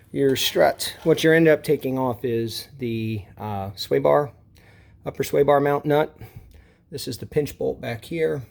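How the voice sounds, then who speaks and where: A man explains car shocks and struts in a relaxed, explanatory way, his voice sitting in an ordinary middle pitch. He drops in fillers as he goes. The sound comes from a camera mic in a garage workshop, and at times he moves away from it. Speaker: car hobbyist demonstrating suspension parts. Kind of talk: casual how-to commentary.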